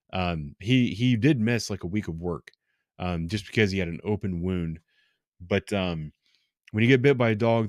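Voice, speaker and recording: A man in his thirties, a police officer, giving frank, exasperated commentary on a live stream with many pauses and fillers. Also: sits low, dry recording, clean studio sound. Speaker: police officer reacting to bodycam footage.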